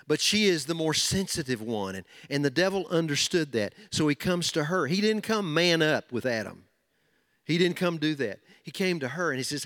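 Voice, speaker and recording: Emphatic preacher. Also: male voice, a little high, a bit bright. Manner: emphatic, repeating key phrases, building in intensity. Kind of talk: sermon.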